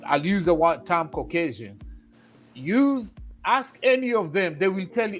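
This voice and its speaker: A man's voice: high voice, lively intonation, measured pace, faint music behind. A man with a Kenyan accent, a panelist on a casual livestream, telling stories emphatically and acting out quoted dialogue.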